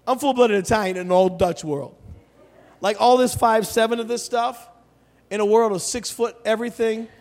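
A male pastor preaching in an animated, joking storytelling way, breaking into shouts and laughter. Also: high voice, normal speed. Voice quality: bald. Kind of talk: humorous storytelling sermon.

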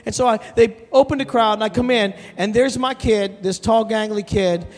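A man preaching a sermon as pastor, telling a story with animated, emphatic delivery and calling out to the congregation. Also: high voice, normal speed. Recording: long hall reverb with soft music behind.

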